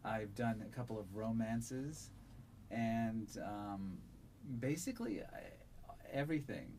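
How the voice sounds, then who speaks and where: A man who narrates audiobooks, answering interview questions in a relaxed, thoughtful way with a resonant voice and frequent fillers. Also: fairly low pitch, takes it slowly, a little hiss or hum. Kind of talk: conversational interview.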